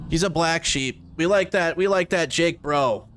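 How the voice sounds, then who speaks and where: A man putting on a high, sneering voice to mock a whiny male online critic. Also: moderate pace, a bit bright, a little hiss or hum, close to an everyday voice. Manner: sneering, mocking.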